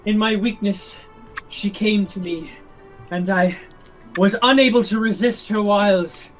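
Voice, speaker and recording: A woman's voice: mid-range voice, a little slow, faint music behind, pitched above the performer's own voice, close to an everyday voice, low-quality recording. A woman voicing a self-whipping penitent man with overwrought, pleading piety. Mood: solemn.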